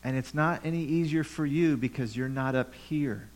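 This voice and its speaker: A man's voice: medium pitch, normal speed, darkish tone, poor audio. A pastor preaching a conversational sermon to his church, with rhetorical questions and repeated phrases.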